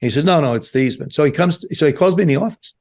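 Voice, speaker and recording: A man in his seventies from New Jersey, a guest telling stories in an animated way on a podcast. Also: a little high, racing. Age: 70s. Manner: animated storyteller, acts out quoted voices. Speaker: guest, former quarterback. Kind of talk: storytelling interview. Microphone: podcast studio mic.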